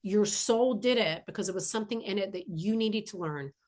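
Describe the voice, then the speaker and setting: A woman's voice: medium pitch, fairly quick, darkish tone. A woman spiritual teacher giving an earnest, emphatic inspirational monologue, often repeating key phrases for weight.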